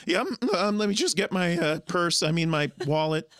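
A jittery record-collector guy with a squeaky, giddy voice pitched far up, as a man puts him on in a dry room. He sounds barely able to keep a straight face. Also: normal speed, fairly bright tone, smooth, no echo, natural voice. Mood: nervous. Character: excitable male record-collector friend, jittery.

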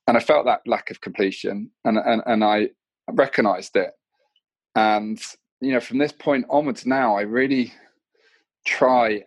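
Candid, reflective man with a low voice. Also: breathy edge, no echo. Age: 30s. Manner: reflective, candid storytelling with many restarts. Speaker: guest, mindset coach. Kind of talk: casual podcast conversation.

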